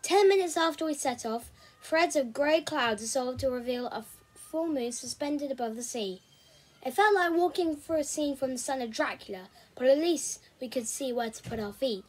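Woman reading a story, husky and high. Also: lively intonation, moderate pace, low-quality recording. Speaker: reader.

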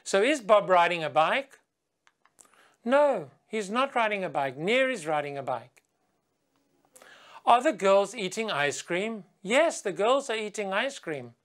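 This is a woman teaching kids English on video, speaking slowly and clearly. She puts quiz questions to them with patience and leads a chant, singing it in a livelier, higher register.

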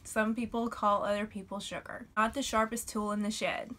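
A woman's voice: mid-range voice, level tone, normal speed, pushed and bright. A young woman from Alabama with a Southern accent, talking in a chatty, folksy way as she explains sayings in a casual vlog. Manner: chatty, folksy, uses y'all and fixing to. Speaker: vlogger.

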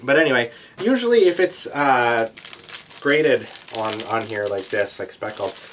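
A man's voice: medium pitch, animated, unhurried, fairly bright tone, slight background noise. A young man vlogging a taste test, talking in a rambling, chatty way with many asides. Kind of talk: casual chat to camera.

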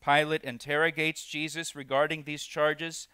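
A man's voice: on the high side, little pitch movement, moderate pace, sharp tone, clean tone, dry recording. A man preaching a verse-by-verse sermon as pastor, sometimes acting out quoted lines and repeating words as he restarts. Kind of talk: expository sermon. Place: church sanctuary.

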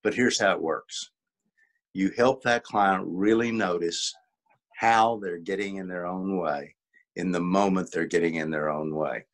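A little slow and fairly even in intonation, this low-voiced older man teaches a coaching webinar by video call. As coach and workshop leader, he explains in a folksy style with acted-out examples.

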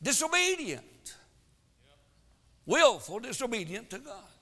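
A man preaching a sermon in a church, swinging between loud exhortation and quiet asides. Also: very high-pitched, big pitch swings, slow pace, long reverb tail. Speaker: pastor. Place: church sanctuary.

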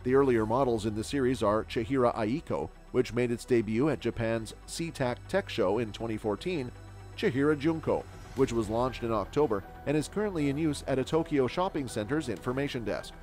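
A man reading scripted tech news narration in an even, steady way. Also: mid-range voice, brisk, faint music behind.

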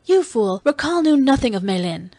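A woman reading an audiobook voices a fierce, volatile woman captor who mocks and turns shrill when she screams. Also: fairly quick, darkish tone. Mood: mocking.

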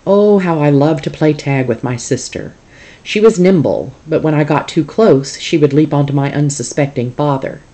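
A teacher reading a novel aloud to a class in a calm, steady storytelling manner. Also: medium pitch, normal speed.

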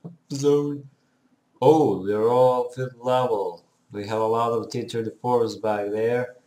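A man's voice: medium pitch, steady tone, unhurried, darkish tone, reverberant, poor audio. A young man giving rambling, teasing gameplay commentary with non-native phrasing. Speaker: gamer.

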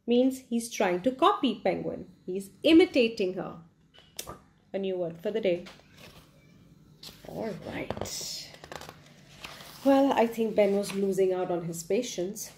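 A woman reading a picture book aloud to children, expressive and full of questions for her young listeners. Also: medium pitch, takes it slowly, pauses often, slight background noise. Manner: expressive, asks the children questions, gasps in surprise. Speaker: storyteller for children.

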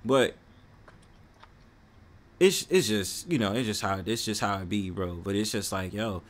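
A man from New York with a New York accent, hosting a casual panel chat on his stream, slangy and animated. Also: lowish voice, a little slow. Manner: animated, laughing, slangy storytelling. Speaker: stream host.

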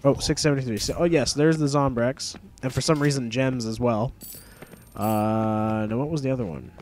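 A young male gameplay commentator rambles through a let's play at a moderate pace, his ordinary-pitched voice steady and darkish. He swears casually and gets easily annoyed at the game's quirks, with faint noise underneath the recording.

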